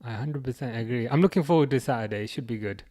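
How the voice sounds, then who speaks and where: A man with a Birmingham accent hosts a football watchalong livestream, reading viewer comments aloud in a chatty, laid-back way. His voice is warm and medium-pitched, his pace quick, and he often restarts and chuckles.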